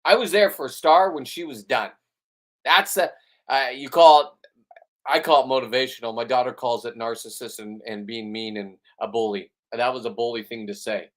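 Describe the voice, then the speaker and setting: A man's voice: medium pitch, moderate pace. A middle-aged man hosting a fishing vlog from a boat, talking in a brash, boastful, profane way. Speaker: fishing channel host. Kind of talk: casual boastful commentary.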